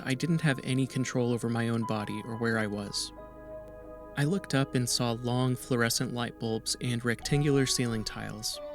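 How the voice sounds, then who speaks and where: Steady male story narrator over music. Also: medium pitch. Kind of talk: scripted horror story narration.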